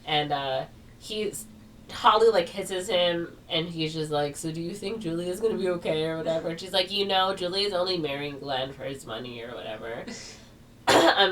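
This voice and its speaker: A woman with a low voice rambles through a casual retelling and fills it with "like" and "or whatever". She sits a little back from the mic, and a faint hiss of noise stays under her voice. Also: distant mic. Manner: rambling, heavy on fillers like "like" and "or whatever". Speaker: podcast co-host.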